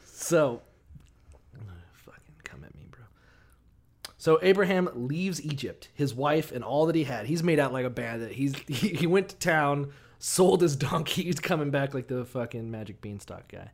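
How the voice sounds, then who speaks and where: A man co-hosting a podcast, casually retelling Bible stories with heavy swearing and quick acted-out voices for the characters. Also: mid-range voice, gravelly. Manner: profane, animated, acts out characters in quick bursts. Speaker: podcast co-host.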